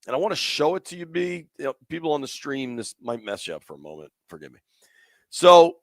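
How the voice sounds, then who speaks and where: With no room sound in the recording, this mid-range, fairly bright voice belongs to a Washington, D.C., man hosting a sports radio livestream. He rambles casually, leaning on plenty of fillers and restarting often.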